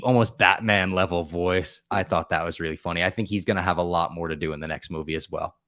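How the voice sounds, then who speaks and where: Deep-voiced podcast host, dry sound. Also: male voice, fast, hardly any pauses, dry recording. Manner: rambling, animated retelling with profanity. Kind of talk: casual movie recap chat.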